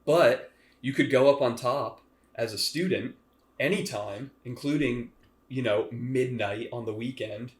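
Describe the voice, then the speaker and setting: A young man co-hosting a podcast, telling stories in a relaxed, wry way. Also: medium pitch, a little slow. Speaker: podcast co-host. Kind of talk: casual chat. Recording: echoey room.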